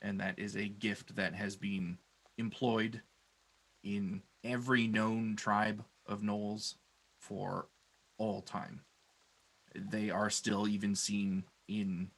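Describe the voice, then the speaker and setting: A man with a low, gravelly, slightly husky voice narrates as game master. He talks slowly and describes the scene in a measured way, pausing on "uh" between thoughts. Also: a bit bright, rough recording. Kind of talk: tabletop game narration and rulings.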